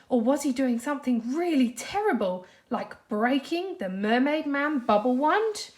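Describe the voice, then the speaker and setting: A primary school teacher with a British accent reading a storybook aloud to children, expressive and animated. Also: female voice, sits high, normal speed, hardly any pauses. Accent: British English.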